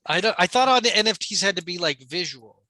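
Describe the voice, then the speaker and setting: A man's voice: high-pitched, expressive, fast, bright, forceful tone, no room sound. A man co-hosting a podcast in casual chat, rambling and hesitant, with lots of restarts and casual swearing. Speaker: podcast co-host.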